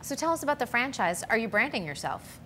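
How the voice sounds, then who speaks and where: A woman hosting a web interview show, upbeat and chatty, asking questions and giving quick affirmations. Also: on the high side, very animated, pushed and bright, a little hiss or hum. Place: bakery shop.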